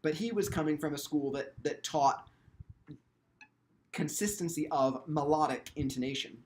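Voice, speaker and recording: Male violin teacher, slightly high voice, reflective lecturing tone with frequent ums and restarts. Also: moderate pace. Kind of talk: instructional video lecture.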